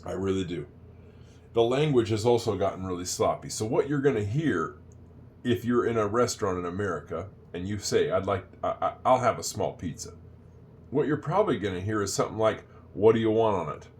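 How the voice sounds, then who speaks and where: An older man talks through a basic English lesson in a somewhat low voice. He chats loosely, wanders off topic and repeats phrases slowly for learners to follow. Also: lively intonation, a little hiss or hum. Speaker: English teacher. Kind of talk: casual spoken lesson.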